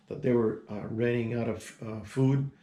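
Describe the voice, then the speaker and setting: A man's voice: medium pitch, fairly even intonation, slow. A man in his sixties telling a personal story in a casual, rambling way, with many asides and restarts. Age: 60s. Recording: echoey room.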